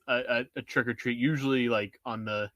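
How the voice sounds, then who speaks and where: A man's voice: medium pitch, fairly even intonation, fairly quick, fairly bright tone, no echo. A man in his thirties co-hosting a casual sports podcast, talking loosely with lots of fillers. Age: 30s. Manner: loose, filler-heavy chatter. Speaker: podcast co-host.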